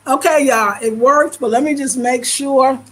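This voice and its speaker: A woman's voice: high-pitched, a little slow, a bit bright, roomy sound, rough recording. A woman vlogger talking casually to her viewers in an emphatic, preachy way, addressing them as y'all from a room indoors.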